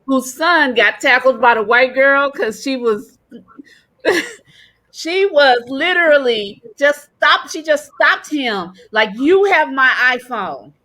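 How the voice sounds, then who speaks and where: A woman's voice: high voice, expressive, slow pace, bright, forceful tone. A woman co-hosting a podcast, chiming in and laughing along in casual chat. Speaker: podcast co-host.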